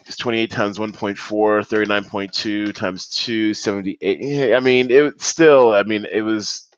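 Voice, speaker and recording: A man's voice: lowish voice, steady tone, a little slow, clear, resonant tone, dull audio. A man hosting a solo podcast, chatty and self-deprecating, with many restarts and fillers. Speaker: podcast host.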